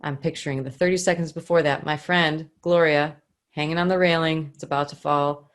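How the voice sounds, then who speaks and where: A woman's voice: low voice, fairly quick. A woman coaching singers in an online lesson, talking animatedly and acting out little scenes to make her points. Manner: animated, acts out scenes to illustrate. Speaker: singing coach.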